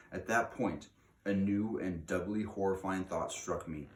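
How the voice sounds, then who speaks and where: A man reading a children's book aloud in an expressive way, slowing down for dramatic emphasis. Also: low-pitched. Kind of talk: read-aloud storytelling. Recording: echoey room.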